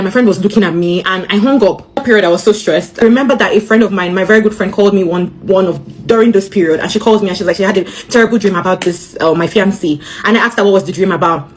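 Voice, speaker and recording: Nigerian woman telling a storytime super fast, jumps into quoting everyone, mid pitch. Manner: rapid, animated retelling with quoted dialogue. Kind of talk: personal storytime.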